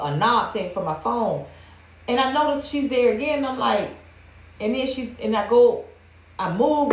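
A woman hosting a livestream, ranting in a blunt, profane, heated way to her viewers. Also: on the high side. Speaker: livestream host. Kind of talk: casual livestream rant. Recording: roomy echo.

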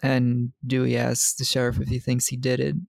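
A man's voice: mid-range voice, monotone, moderate pace, vocal fry, a little mellow, no echo. A man in his twenties recapping a film on a podcast in casual, profane chat, laughing often. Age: 20s.

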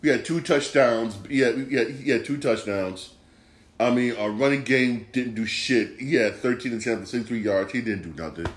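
A frustrated man talks through a football loss on his own sports podcast, swearing freely and circling back over the same points. His voice sits at an ordinary middle pitch, and his disgust stays plain the whole way. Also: moderate pace. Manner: frustrated, swears often, repeats himself. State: upset and disgusted. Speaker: podcast host. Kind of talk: casual sports rant.

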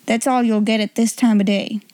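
A woman's voice: on the high side, fairly even intonation, moderate pace, darkish tone, dry recording, lightly acted. A woman voicing a bad-tempered, spiteful cook who snaps and grumbles. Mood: snappish. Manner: snappish, grumbling.

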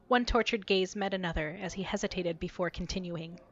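Expressive woman co-host, lo-fi audio. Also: on the low side, brisk. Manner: expressive, giggly. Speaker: podcast co-host reading a story aloud. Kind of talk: dramatic reading with banter.

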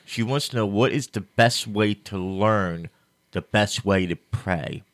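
A man's voice: lowish voice, a little slow, dry recording, studio quality. A man hosting a faith podcast, reading out listener questions with playful jokes. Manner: joking, playful. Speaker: podcast host.

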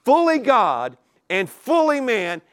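Male preacher, high lively voice, dry close sound, sermon delivery. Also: takes it slowly, clean tone, no room sound. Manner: animated, repetitive preaching with rhetorical questions.

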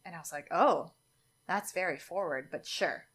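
A young woman, telling a dating story in casual chat and acting out the quotes with big jumps in pitch. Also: normal speed, a bit bright, slightly rough.

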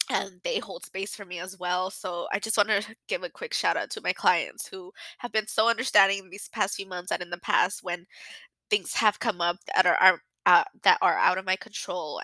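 A young woman talks into her podcast mic about a hard stretch of life, open and unguarded, often circling back and correcting herself. Her voice sits a little low but sounds bright and forward, and she is fighting back tears. The sound is dry and close, with no room around it. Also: dry recording, poor audio. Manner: candid, emotional, rambling with restarts. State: near tears. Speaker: podcast host. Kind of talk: personal podcast monologue.

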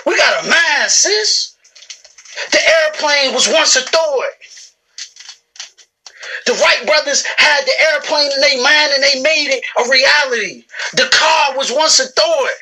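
A woman delivering a motivational talk to camera from her shop, emphatic and preachy, hammering the same lines again and again. Her voice sits a little high and comes across bright and forceful. She keeps calling her listeners bro and sis. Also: expressive, measured pace, poor audio. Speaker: business owner.

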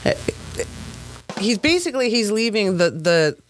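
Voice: medium pitch, sing-song, measured pace, a little hiss or hum. A podcast co-host chatting casually, thoughtful and agreeable, sometimes losing the thread. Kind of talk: casual chat.

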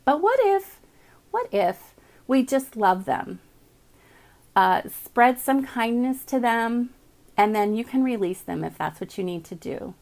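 A woman's voice: a little high, very animated, unhurried, darkish tone. Woman host, upbeat and chatty, live morning inspiration show read to viewers. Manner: enthusiastic, chatty, addresses viewers as guys. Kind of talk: live-stream inspirational talk. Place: home, streaming live.

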